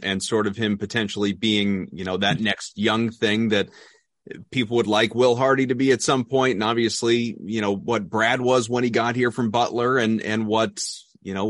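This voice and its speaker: Podcast host guy, mid-pitch voice, rambles through his questions, dry close mic. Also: no room sound. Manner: rambling questions with hedges and fillers. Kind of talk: casual sports podcast chat.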